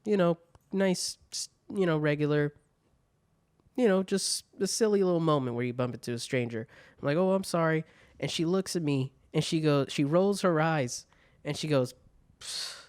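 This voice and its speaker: A man's voice: a little high, animated, moderate pace, darkish tone, clean tone, no echo, studio quality. A young man hosting a solo podcast, telling stories in a casual, profane way. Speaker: podcast host.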